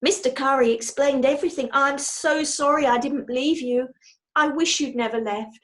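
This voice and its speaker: A woman's voice: high-pitched, fairly even intonation, moderate pace, fairly bright tone, voice pushed up. A woman voicing a brave but jittery father in a storybook reading, talking in a jaunty, urgent way. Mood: earnest.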